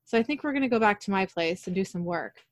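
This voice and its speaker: A woman with a mid-range voice talks quickly, recorded dry with clean studio sound. She's a podcast host animatedly recapping a TV episode in casual conversation, reading characters' lines in her own voice.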